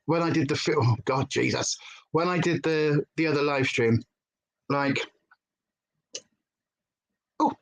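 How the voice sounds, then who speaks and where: The voice is deep and the recording rough: a British woman livestreaming casually from home on a headphones-and-desk setup. Once a TV presenter, she chats, tells lively stories and keeps veering off on tangents.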